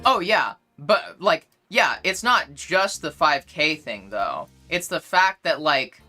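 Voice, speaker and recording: A woman's voice: low-pitched, lively intonation, takes it slowly, bright, forceful tone, faint music behind. A young woman streamer arguing insistently with her chat, repeating her points in a casual livestream.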